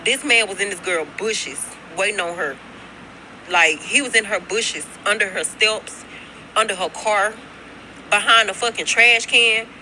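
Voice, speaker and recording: Unhurried yet bright and forceful, a medium-pitched young woman shares a casual storytime into her phone during a break at work. The low-quality audio carries slight hiss or hum; she rambles, curses freely, and keeps addressing viewers as y'all.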